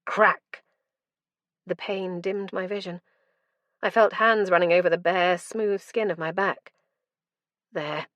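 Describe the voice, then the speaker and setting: A woman's voice: fairly low pitch, steady tone, a little slow, pauses often, fairly bright tone, dry recording, highs cut off. A woman narrating a first-person fantasy audiobook in an intense, dramatic storytelling manner.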